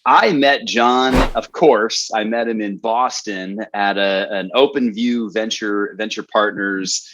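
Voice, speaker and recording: A man co-hosting a podcast speaks in a low voice, halting and full of fillers. The recording sounds dull and lo-fi, with the top end rolled off. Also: a bit bright. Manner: hesitant, many fillers and restarts. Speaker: podcast co-host. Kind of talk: casual podcast chat.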